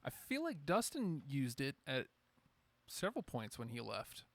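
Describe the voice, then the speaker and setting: A man's voice: mid-range voice, wildly swooping pitch, measured pace, a bit bright. A man co-hosting a casual podcast chat in a laid-back, agreeable way. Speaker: podcast co-host.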